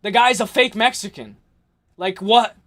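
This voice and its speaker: A young man with a high-pitched voice hosts a livestream. He rants heatedly about fights, swears a lot and repeats his points, and his voice rises into yelling at times. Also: unhurried. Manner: ranting, repetitive, profane, yelling at times. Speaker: livestream host.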